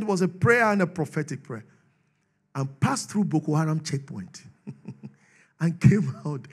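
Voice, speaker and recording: A Nigerian man preaching a sermon, swinging from shouted declarations to low asides and laughing often. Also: very animated, moderate pace. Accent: Nigerian English. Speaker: pastor.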